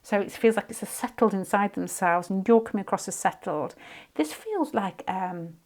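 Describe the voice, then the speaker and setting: British woman, fifties, rambling tarot reading, chatty asides, mid-pitched voice. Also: normal speed. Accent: British English. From United Kingdom. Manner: rambling and chatty, with side stories and quiet muttered asides. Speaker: tarot reader. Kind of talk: casual tarot reading to camera.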